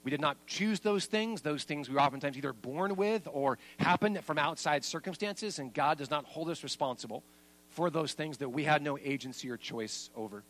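A man preaching a sermon as pastor, making points with lively emphasis. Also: normal speed, poor audio. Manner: lively and emphatic, then soft and low at the close.

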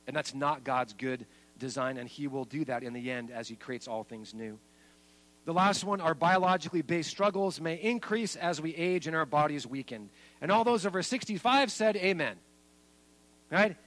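Emphatic pastor, fairly high voice. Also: male voice, moderate pace, low-quality recording. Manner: lively and emphatic, then soft and low at the close. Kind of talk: sermon.

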